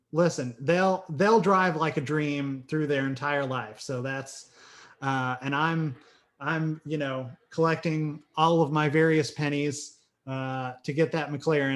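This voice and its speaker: A man's voice: a little high, fairly bright tone. A man hosting a podcast interview, upbeat, with short enthusiastic reactions. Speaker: podcast host. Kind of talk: casual interview.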